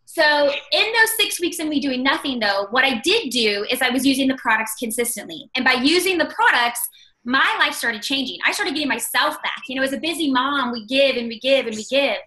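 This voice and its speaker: Bright high-voiced chatty woman. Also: expressive, fairly quick, rough recording. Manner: chatty, upbeat, many "like"s and "you guys". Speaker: guest speaker. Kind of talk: personal success story on a call.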